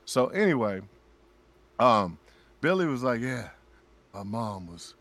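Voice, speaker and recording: A man talking as a guest voice actor in a casual podcast chat, an animated storyteller who laughs often and repeats his phrases. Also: mid-range voice, measured pace, pauses often.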